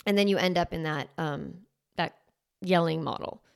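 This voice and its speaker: A woman's voice: low-pitched, normal speed, vocal fry, clear, resonant tone, no echo, clean studio sound. A woman parenting coach talking casually and directly, conversational, acting out parents' voices and swearing now and then. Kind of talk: casual direct-to-camera talk.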